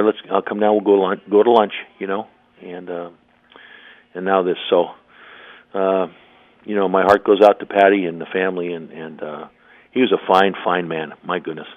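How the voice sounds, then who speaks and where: An older man, a former coach, telling a story as a guest over the phone, rambling with many restarts and throat clearing. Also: deep voice, fairly even intonation, normal speed. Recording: tinny phone line.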